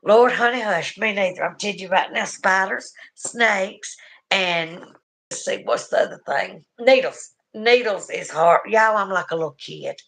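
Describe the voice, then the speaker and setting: A woman's voice: medium pitch, measured pace, gravelly, a bit bright. Middle-aged Southern woman, casual folksy host reading viewer comments. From southern United States. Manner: chatty and folksy, with asides to viewers. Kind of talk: casual chat.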